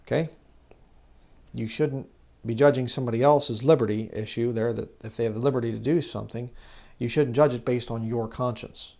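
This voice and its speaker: A man giving an informal bible teaching, talking conversationally and growing louder when he reads scripture. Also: medium pitch, steady tone, brisk, vocal fry. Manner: conversational, rises loud when reading scripture; mocks legalists in put-on voices. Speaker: preacher.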